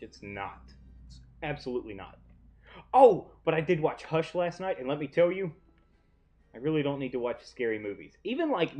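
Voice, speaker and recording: A chatty young man narrates his game from his living room, often turned away from a mic set off to one side. His voice is lively and swoops around as he rambles through asides. The sound is a little dull and lo-fi, with faint music underneath. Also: medium pitch. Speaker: let's play host. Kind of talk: casual gaming commentary. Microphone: desk mic off to one side, often facing away.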